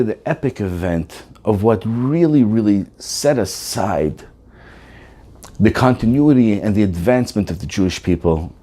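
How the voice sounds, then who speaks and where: A rabbi preaching, telling stories and acting out the voices of the people in them. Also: male voice, mid-range voice. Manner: animated, acts out voices in his stories. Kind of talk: storytelling sermon.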